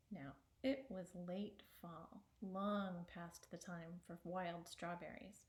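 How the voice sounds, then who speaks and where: A woman telling a folktale by heart, expressive and dropping into whispers for suspense. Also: on the low side, a little slow, few pauses. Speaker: storyteller. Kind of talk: oral folktale storytelling. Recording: echoey room.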